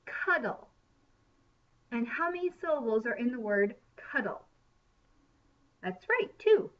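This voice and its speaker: A woman teaching first grade in a recorded lesson, speaking in an encouraging way. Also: fairly high pitch. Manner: slow, encouraging teacher talk. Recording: dull sound from a distance.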